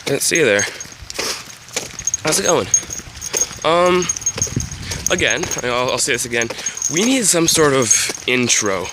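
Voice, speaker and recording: A teenage boy chats to his handheld camera in a loose, rambling way, full of ums and little laughs. His pitch is ordinary for a young man. The recording is noisy, with wind and heavy rain behind him outdoors. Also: big pitch swings, measured pace, long pauses. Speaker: vlogger. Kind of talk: casual vlog talk to camera. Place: home, then outdoors by a road in heavy rain.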